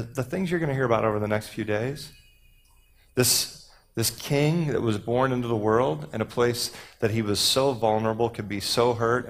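A middle-aged man preaching a sermon, moving from conversational storytelling to slow, dramatic scripture reading. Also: on the low side, gravelly. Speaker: pastor.

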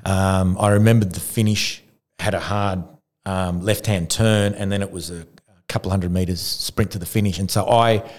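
A man's voice: low voice, moderate pace. A man from Argentina, a retired cyclist and podcast guest, telling a story with lots of restarts and acted-out quotes. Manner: animated storyteller who acts out quotes, frequent restarts. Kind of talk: casual storytelling.

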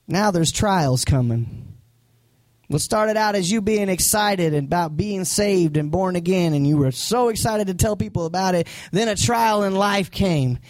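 A man preaching a sermon as pastor, animated and acting out voices from the story. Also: sits high, no room sound.

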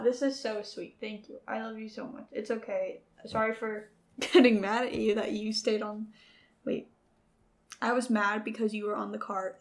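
Giggly young woman with a gravelly voice. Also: a little high. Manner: giggly, chatty, rambling. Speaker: podcast co-host. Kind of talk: casual chat. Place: bedroom.

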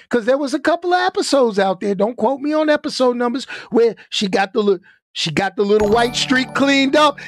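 A man giving live-stream commentary in an animated way, stopping often to add "okay?" and "all right?" for emphasis. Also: extremely high pitch, moderate pace, dry recording.

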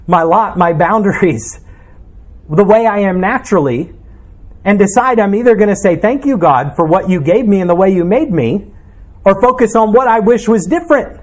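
Man preaching with a high voice. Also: darkish tone. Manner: earnest, reflective preaching with rhetorical questions. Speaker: pastor. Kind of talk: sermon.

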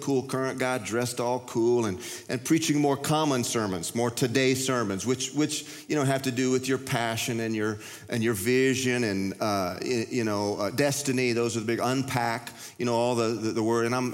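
A pastor in his fifties preaches in a folksy, conversational way, circling back and restarting his phrases. His voice sits at an everyday middle pitch for a man. Long reverb from a large church hall trails his words. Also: steady tone, moderate pace, hardly any pauses. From United States. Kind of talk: sermon. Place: church sanctuary.

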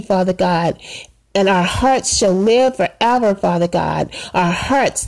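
Slow, fervent woman in spoken prayer. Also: medium pitch, darkish tone. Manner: slow, fervent, repeating "Father God" between phrases. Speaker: prayer leader.

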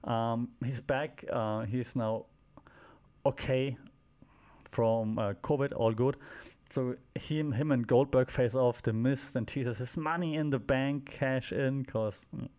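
A male podcast host recaps the week in wrestling on a casual solo show, speaking slowly in a mid-range, slightly mellow voice with a clean tone. His delivery is loose and rambling, full of fillers and dry asides.

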